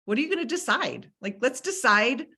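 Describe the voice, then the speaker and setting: A middle-aged woman gives a motivational talk over a video call. Her voice is bright and forceful and sits a little high. She talks emphatically and keeps repeating her key points. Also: big pitch swings, a little fast, husky. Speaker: motivational speaker.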